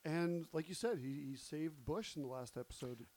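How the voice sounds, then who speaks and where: A man's voice: a little high, moderate pace, darkish tone. A young man co-hosting a podcast, joking wryly and laughing often in casual chat. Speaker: podcast co-host.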